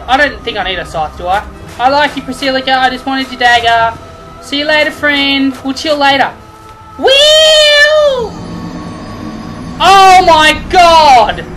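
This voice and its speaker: A woman doing let's play commentary, excitable and trash-talking the enemies she fights. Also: on the high side, low-quality recording. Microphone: headphones and desk mic. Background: game music.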